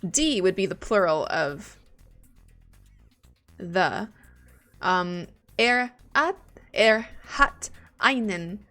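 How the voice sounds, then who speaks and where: A woman's voice: mid-range voice, lively intonation, extremely slow, long pauses, fairly bright tone, faint music behind. A woman streaming live as she studies German, chatting casually and thinking aloud, swearing now and then when she gets stuck.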